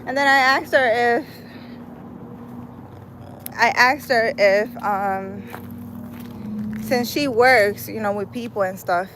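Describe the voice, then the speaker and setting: A woman's voice: fairly high pitch, slow pace, pauses often. Woman, casual live-stream chat, rambling, outdoors in a park, faint city noise. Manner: chatty, rambling, many "like" and "I don't know". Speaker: vlogger reading live chat.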